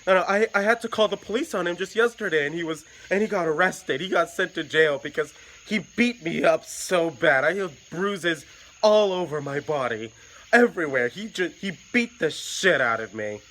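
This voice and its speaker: A man voicing a frantic, beaten-up man in his fifties who pleads and stammers in a high, strained voice. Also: lively intonation, moderate pace, fairly bright tone, poor audio. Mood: panicked. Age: 50s.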